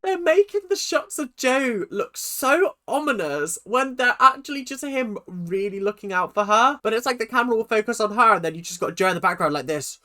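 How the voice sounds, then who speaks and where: An excitable reaction host with a bright, sharp voice at middle pitch, talking casually and emotionally while watching an episode. Swears and exclaims often, swinging between gushing and outrage. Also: a little fast, few pauses.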